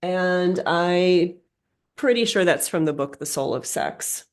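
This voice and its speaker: A woman's voice: low-pitched, a little mellow. A woman hosting a solo podcast, musing aloud in a meandering, reflective way. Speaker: podcast host.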